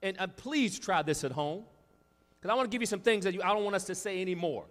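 A man preaching a sermon, swinging between loud, shouted climaxes and quiet asides. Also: high-pitched, fast. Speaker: pastor. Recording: long reverb of a large hall.

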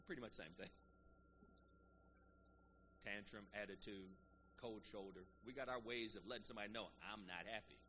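A man's voice: on the low side, moderate pace, pauses often, bright, forceful tone, slight background noise. A man preaching a sermon to a congregation, rising into emphatic call-and-response and easing back into plain teaching.

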